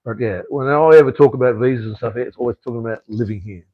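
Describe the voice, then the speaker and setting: A man's voice: mid-range voice, quick pace, dry recording, narrow, tinny audio. An Australian man hosting a live stream, chatting casually and bluntly with viewers, rambling and swearing freely.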